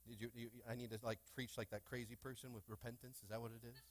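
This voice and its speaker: A man preaching a lively sermon in a church, with call-and-response and playful asides to the congregation. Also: mid-range voice, fast. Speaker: pastor. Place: church sanctuary.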